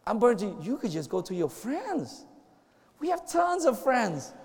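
A man's voice: very high voice, very animated, moderate pace, darkish tone, in a large hall. A campus minister giving a chatty, joking sermon to a group, acting out little conversations as he goes.

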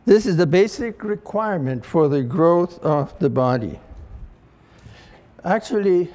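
A man giving a sermon at a church meeting, speaking in a measured way. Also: sits high, animated, a little mellow. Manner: slow, measured delivery.

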